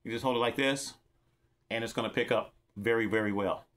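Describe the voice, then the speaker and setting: A middle-aged man from California talks through a cheap wireless mic kit in an easygoing show-and-tell. He rambles and repeats himself, speaking directly to his viewers. His voice sits at an ordinary male pitch. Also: a little fast, a bit bright. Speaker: vlogger reviewing gear. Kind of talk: casual show-and-tell demo.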